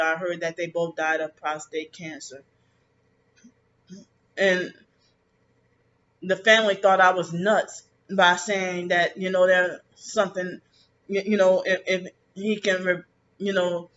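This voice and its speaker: Man, high and bright, halting bitter vlog rant, lo-fi dull audio with light hiss. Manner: rambling, halting, many restarts; bitter and resentful about family. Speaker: vlogger. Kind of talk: casual personal monologue. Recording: dull lo-fi with faint background noise.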